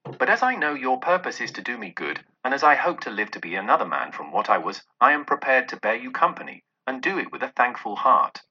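A man's voice: mid-range voice, sing-song, a little fast, bright, forceful tone, breathy edge, heavily acted. A man reading aloud, voicing an anxious old male miser who pleads earnestly, on a dull lo-fi recording. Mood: imploring.

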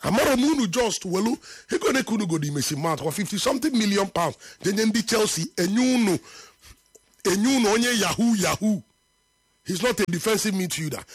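A man argues football on a live talk show in a high, pressing voice. He hammers his points through repetition, sometimes sinking low and slow for weight. The sound is close and dry. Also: breathy edge, no room sound. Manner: emphatic, repeats points for effect, drops to low slow tones. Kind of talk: live football debate and reading viewer comments.

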